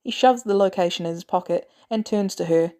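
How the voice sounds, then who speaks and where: A woman narrates a story aloud in a measured, even way. Her voice is mellow and warm, sitting at a middle pitch. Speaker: podfic reader.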